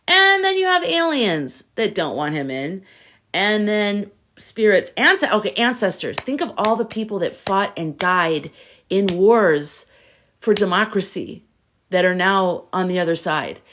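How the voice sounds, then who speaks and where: Speaking in a mid-range voice, a tarot reader hosts a live stream. She chats casually, throws out rhetorical questions and answers comments from viewers.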